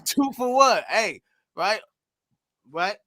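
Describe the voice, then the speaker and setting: A man telling stories in a casual chat, animated and profane, laughing and acting out what people said. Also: high-pitched, slow. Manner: animated, laughing, loose and profane, acts out quotes. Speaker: podcast guest telling stories.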